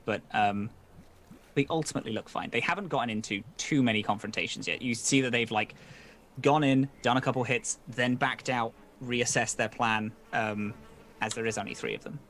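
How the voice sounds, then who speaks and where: A man narrating as game master in a tabletop game, casual and loose, swearing freely and filling pauses with ums. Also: mid-range voice, fairly bright tone, slight background noise.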